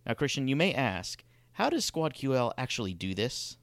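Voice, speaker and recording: Smooth-voiced man reading a fast ad. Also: sing-song, no echo. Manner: upbeat fast sales pitch. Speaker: podcast co-host. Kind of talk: ad read.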